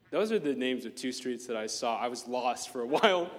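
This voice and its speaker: A man's voice: medium pitch, brisk, few pauses, in a large hall. A man preaching a sermon, telling playful personal stories and acting out the voices in them. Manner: animated, playful, acts out voices in his stories.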